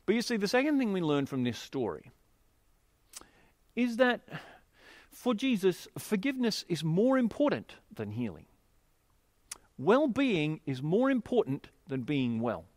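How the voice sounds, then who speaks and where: A man preaching a sermon, telling a scripture story and explaining it in an expressive, emphatic way. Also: sits high, a little slow, pauses often, no echo, studio quality.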